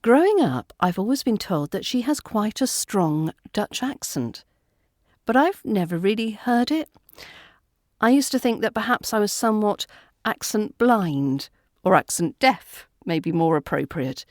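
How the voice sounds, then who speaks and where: A woman with a British RP accent hosting a podcast lesson on accents, speaking in a clear, measured teaching manner into a close mic. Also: medium pitch, expressive, a little mellow, dry recording. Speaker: accent coach and podcast host.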